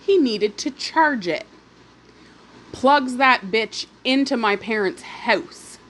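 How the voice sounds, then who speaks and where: Woman mukbang host, slow indignant storytelling between bites, faint room hum. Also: a little high. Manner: animated, indignant storytelling with swearing; pauses to eat, chewing between phrases. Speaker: mukbang vlogger. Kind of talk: casual storytime while eating.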